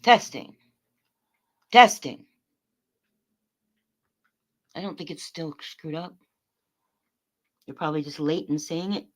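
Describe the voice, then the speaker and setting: A woman livestreaming, ranting at her chat in a profane, mocking way, swinging between loud outbursts and quiet remarks. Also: low voice, fairly even intonation, moderate pace. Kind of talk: angry livestream rant to chat.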